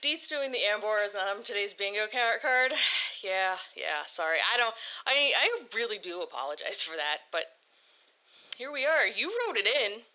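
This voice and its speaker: Woman livestream host, bright and sharp-toned, bubbly and giggly, animated delivery, casual chat at a desk mic. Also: mid-range voice, moderate pace, poor audio. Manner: bubbly, giggly, self-deprecating. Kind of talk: casual livestream chat reading viewer write-ins. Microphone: desk microphone.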